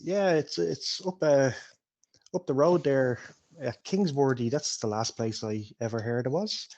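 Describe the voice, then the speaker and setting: A man voicing a friendly, chatty male hobbit farmer in a tabletop game, in a higher, rustic voice. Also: measured pace, darkish tone, natural voice. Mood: welcoming.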